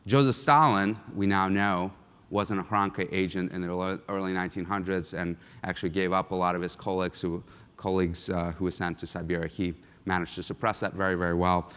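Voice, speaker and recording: A low-pitched man from Russia delivers a keynote talk in a large lecture hall. His voice is smooth and resonant, and it carries a long hall reverb. He speaks conversationally, with lots of ums and uhs. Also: steady tone, brisk, fairly bright tone.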